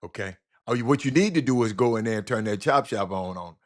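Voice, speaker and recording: A man's voice: lowish voice, fast. A man with a drawl hosts a loose sports talk show. He rambles from topic to topic, stumbles over his own words and repeats phrases. He keeps calling out to his listeners as y'all. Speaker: host of a sports call-in show.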